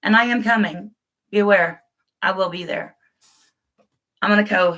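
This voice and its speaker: A woman's voice: mid-range voice, a little fast, long pauses, sharp tone. A woman chatting casually on a live stream, rambling and laughing, greeting viewers by name.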